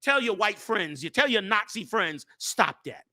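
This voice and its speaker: A man hosting a show and talking in a fiery, preachy way, swinging from loud, shouted points to low asides. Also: expressive, normal speed. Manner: preachy and impassioned, rising to shouts, then dropping low. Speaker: show host and group leader. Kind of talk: fiery casual talk.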